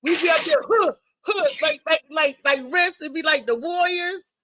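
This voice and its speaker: A woman hosting a casual talk show, telling stories with lively slang and laughter. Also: very high-pitched, moderate pace, slight background noise. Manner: animated storytelling, laughing, slangy. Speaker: show host.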